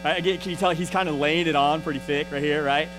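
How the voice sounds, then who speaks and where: A man teaches a Bible lesson in a loose, conversational way. He often restarts his sentences and keeps checking in with his listeners. His voice sits high for a man, and faint music plays underneath. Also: fairly even intonation, fast, rough recording. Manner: restarts and repeats words often. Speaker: church teacher.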